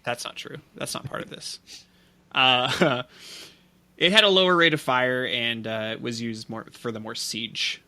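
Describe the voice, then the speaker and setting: A man co-hosting a relaxed podcast, with a bright, forward voice at an ordinary pitch. He rambles through his facts, full of fillers and restarts. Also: a little slow. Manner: rambling explainer with many fillers. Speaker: podcast co-host. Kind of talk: casual podcast chat.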